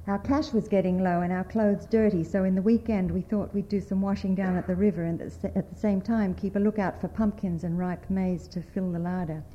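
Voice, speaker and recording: A woman writer from the United States, reading a story aloud at a panel in a measured, expressive way. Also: medium pitch, highs cut off, a little hiss or hum.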